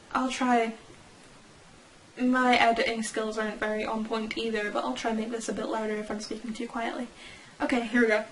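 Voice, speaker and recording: A woman's voice: on the high side, fairly even intonation, measured pace, long pauses, a bit bright, slight background noise, rough recording. Young female vlogger, talkative and self-correcting, recorded at home with a camera mic. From United Kingdom. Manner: chatty, rambling, self-correcting. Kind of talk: casual fan reaction vlog. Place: at home, indoors.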